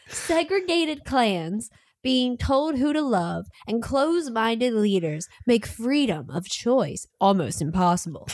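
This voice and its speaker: A woman's voice: a little high, big pitch swings, takes it slowly, a little mellow, no room sound. A woman co-hosting a podcast in casual chat, giggling often and fighting a cold. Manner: giggly, laughs often between lines. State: has a cold. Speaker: podcast co-host. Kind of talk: casual chat about audiobooks.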